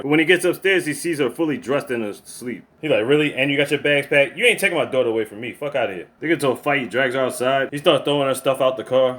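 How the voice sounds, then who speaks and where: A man talks through a movie plot at a rapid clip. His voice sits a little high for a man. He cusses freely and loudly reacts to the scenes. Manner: switches into quoted character voices. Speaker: movie reviewer. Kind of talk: casual spoiler recap.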